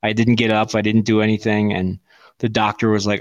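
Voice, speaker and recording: A man's voice: fairly low pitch, level tone, fairly quick, dry recording, lo-fi sound. A man in his thirties who hosts a podcast, chatting casually, swearing freely and laughing as he tells stories. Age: 30s. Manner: profane, storytelling, laughs a lot. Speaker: podcast host. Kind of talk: casual chat.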